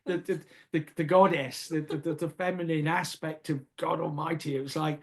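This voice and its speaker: A man's voice: fairly high pitch, level tone, moderate pace. An older man from England tells a personal story in a casual interview, hesitant and often repeating words, laughing at himself.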